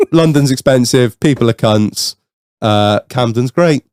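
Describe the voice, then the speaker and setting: A man's voice: medium pitch, slow, no echo, studio quality. A young man co-hosting a podcast, telling a rowdy story in casual, sweary chat and laughing as he goes. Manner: sweary, animated storytelling, laughs through his own stories. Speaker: podcast co-host.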